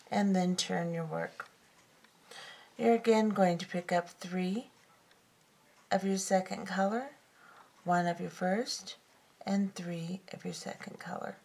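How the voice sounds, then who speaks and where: A woman with a fairly low voice and a gravelly, creaky texture walks through a craft lesson. She talks patiently and methodically, repeating each step as she goes. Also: a little mellow. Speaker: beading tutorial host.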